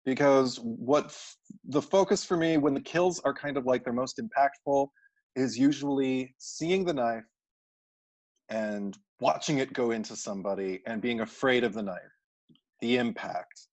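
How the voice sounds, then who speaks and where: A man's voice: medium pitch, unhurried, a little mellow. A man co-hosting a casual movie discussion, thoughtful and analytical, often restarting his sentences. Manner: thoughtful, analytical, self-correcting. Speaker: podcast co-host.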